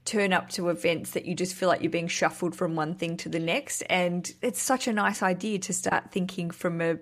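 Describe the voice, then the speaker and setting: A woman's voice: on the low side, fairly even intonation, normal speed. A woman hosting a wedding-planning podcast, chatting playfully and laughing easily with her guest. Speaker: podcast host. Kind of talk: casual interview chat.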